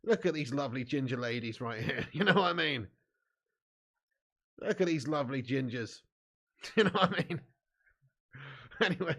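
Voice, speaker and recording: A man's voice: mid-range voice, lively intonation, moderate pace, long pauses, fairly bright tone. A man hosting a football watch-along stream, reading out viewer comments in casual, jokey banter and laughing often.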